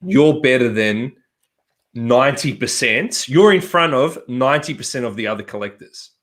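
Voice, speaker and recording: A man co-hosting a relaxed podcast chat. He speaks at an ordinary middle pitch and drives his points home by repeating them for emphasis. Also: moderate pace. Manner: emphatic, repeats himself for stress. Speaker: podcast co-host.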